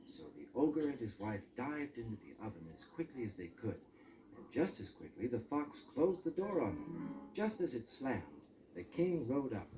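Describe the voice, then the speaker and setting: 생기 있는 남자 이야기꾼. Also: male voice, medium pitch, very animated, normal speed, music in the background, poor audio. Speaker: storyteller. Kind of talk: casual storybook narration.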